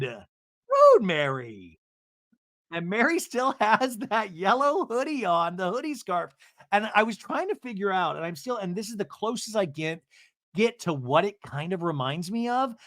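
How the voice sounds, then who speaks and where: A man hosting a podcast, recapping a reality show in an animated, sarcastic way and swearing freely. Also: high voice, no echo, studio quality. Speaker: podcast host.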